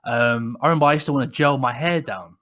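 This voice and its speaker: A man, co-hosting a podcast and telling stories in casual chat, with frequent restarts and animated retelling. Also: mid-range voice, quick pace. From England. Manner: rambling, many restarts, animated when quoting people. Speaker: podcast co-host. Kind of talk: casual conversational storytelling.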